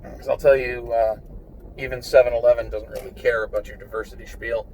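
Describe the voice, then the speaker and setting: A man's voice: mid-range voice, steady tone, brisk, darkish tone. A blunt, opinionated man who swears freely, rambling casually while he drives his car. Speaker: vlogger. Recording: distant mic in a car, faint engine noise.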